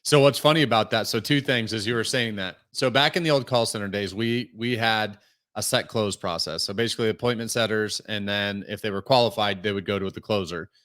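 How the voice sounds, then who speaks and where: A man's voice: on the low side, brisk, a bit bright. A man talking casually as a podcast guest, telling stories full of "like" fillers. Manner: storytelling, many fillers like "like".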